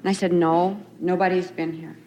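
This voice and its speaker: A woman's voice: fairly low pitch, flat delivery, moderate pace, darkish tone, highs cut off. Woman telling her recovery story. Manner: conversational storytelling with frequent laughs and "you see". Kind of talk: recovery talk at a retreat. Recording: faint noisy 1990s tape recording.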